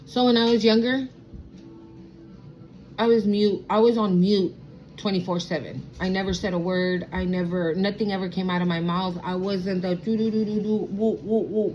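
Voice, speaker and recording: A woman's voice: mid-range voice, unhurried, long pauses, a little mellow, dull audio, soft background music. A woman in her thirties giving a casual spiritual vlog as a tarot reader, talking in a sassy, blunt way with plenty of slang and swearing.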